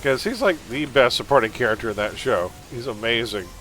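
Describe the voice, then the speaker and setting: A man's voice: mid-range voice, animated, brisk, a bit bright, faint music behind. A man from Canada with a mild Canadian accent, chatting casually as he streams a game and reads its text aloud. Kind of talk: casual live-stream commentary.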